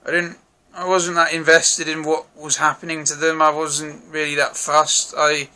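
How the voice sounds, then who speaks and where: A man giving a casual, rambling film review, frank and quick to swear, often hedging and apologizing in case he missed something. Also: fairly high pitch, monotone, sharp tone.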